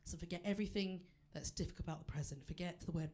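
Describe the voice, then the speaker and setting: A woman's voice: on the low side, fast talker, warm tone. A woman performing a stand-up comedy set on a theatre stage, chatty and self-deprecating as she talks straight to the audience.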